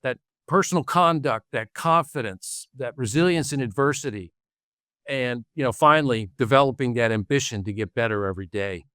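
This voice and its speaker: A man's voice: mid-range voice, a bit bright, smooth, no room sound, studio quality. A middle-aged man speaking as an author and guest in an interview, earnest and listing examples. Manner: earnest, lists examples, quick laughs. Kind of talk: interview conversation.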